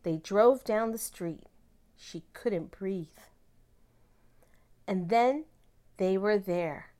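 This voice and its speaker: Slow, expressive woman reading a children's story. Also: mid-range voice. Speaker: narrator. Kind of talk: picture book read-aloud.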